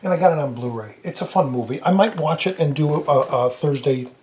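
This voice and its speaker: A man's voice: a little high, lively intonation, brisk, a little mellow, slight background noise. A man chatting casually in a home vlog, rambling and correcting himself, sometimes talking while eating. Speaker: movie review vlogger.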